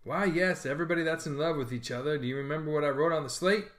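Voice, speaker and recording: An eager, bragging young schoolboy, as a male reader plays him, with a slightly raised voice. He wheedles and boasts in a lively storybook reading. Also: a little high, fast talker, lightly acted. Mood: wheedling.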